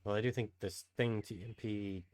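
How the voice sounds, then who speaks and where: A man's voice: on the low side, fairly even intonation, moderate pace, background noise. A man co-hosting a casual podcast livestream, teasing with dry jokes and laughing often. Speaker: podcast co-host. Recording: music playing behind the voice.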